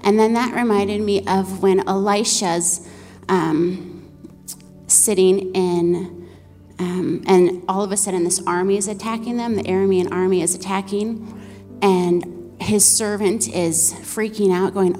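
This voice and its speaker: A woman in her thirties speaking to a church congregation, sharing a prophetic word in a halting way with many fillers and restarts. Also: medium pitch, steady tone. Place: church hall. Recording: echoey church hall with soft music.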